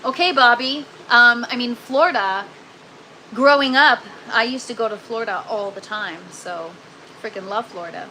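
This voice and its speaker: A woman's voice: fairly high pitch, normal speed, bright, forceful tone, a little hiss or hum, low-quality recording. A woman hosting a casual gardening live stream from an indoor grow tent, chatting with viewers and using lots of ums and "you guys.".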